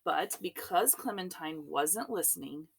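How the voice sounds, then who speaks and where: A woman reading a children's storybook aloud in an expressive, unhurried way. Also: fairly low pitch, gravelly, slightly rough.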